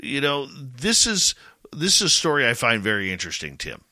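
A man hosting a podcast, introducing a story in casual chat with a relaxed, loose delivery. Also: medium pitch, normal speed, no echo. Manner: relaxed, fills with "you know". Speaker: podcast host.

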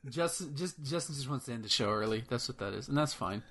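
A man co-hosting a casual gaming podcast, teasing his friends in quick banter. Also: mid-range voice, lively intonation, fairly bright tone. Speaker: podcast co-host.

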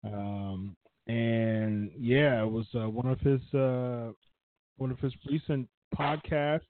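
A man's voice: medium pitch, steady tone, slow, no room sound. A man hosting a wrestling podcast, talking casually in a rambling way. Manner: rambling, many fillers and restarts. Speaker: podcast host. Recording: tinny phone-like line, dry.

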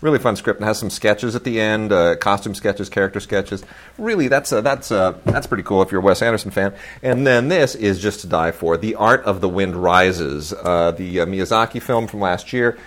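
A man's voice: fairly low pitch, normal speed, a bit bright. A middle-aged man hosting a casual chat about new releases, rambling with many fillers and restarts, gushing with enthusiasm. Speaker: host.

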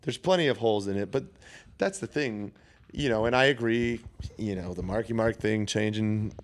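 A man co-hosting a casual movie podcast, talking in a measured, reasonable way. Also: on the low side. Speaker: podcast co-host.

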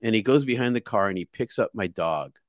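A man's voice: on the low side, expressive, fairly quick, no room sound, clean studio sound. A man from outside Boston tells a personal story in an earnest, vivid way, restarting and repeating words as he goes. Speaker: guest. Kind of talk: casual spoken storytelling.

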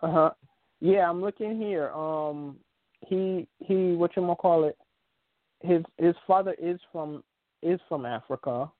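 A man hosting a laid-back sports podcast speaks at a measured pace in a fairly high voice. Heard over a dry, tinny phone line, he rambles with many fillers and restarts.

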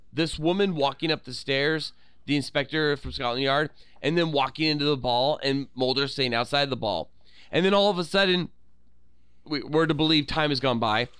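A man in his thirties co-hosting a podcast, retelling scenes with lively acted-out quotes. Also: on the high side, clean tone, no room sound. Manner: animated storytelling, acts out quotes. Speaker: podcast co-host. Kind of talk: casual chat.

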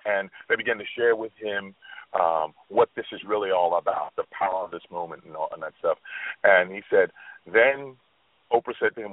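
A man's voice: on the low side, no room sound. A man co-hosting a motivational talk show, telling a story in an earnest, thoughtful way with frequent restarts, heard over a tinny phone line.

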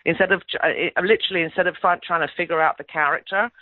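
A woman's voice: lowish voice, fairly even intonation, fast talker. A middle-aged woman from England whose accent has drifted to mid-Atlantic, telling stories with lots of ums, restarts and easy laughs. The sound is thin and phone-like. The room behind her is dead dry, with no echo. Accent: mid-Atlantic English. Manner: chatty storyteller, laughs easily, many ums and restarts. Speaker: actress, interview guest. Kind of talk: casual interview chat. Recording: tinny phone-like line, dry.

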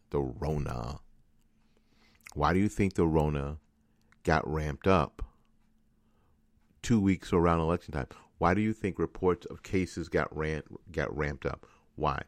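A man's voice: rumbling low, slow pace, long pauses, no room sound, studio quality. A man hosting a political commentary show, ranting in an angry, frustrated monologue with lots of repetition. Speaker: radio host.

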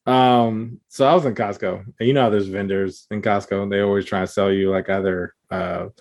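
A man's voice: on the low side, steady tone, brisk, a little mellow. Laid-back man telling jokey stories. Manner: laid-back storyteller who laughs often and acts out quoted lines. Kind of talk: casual comedic chat.

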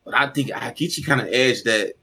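A man's voice: medium pitch, a little fast, sharp tone, slightly rough. A man in casual chat about battle rap, slangy and laid-back, often trailing off mid-sentence.

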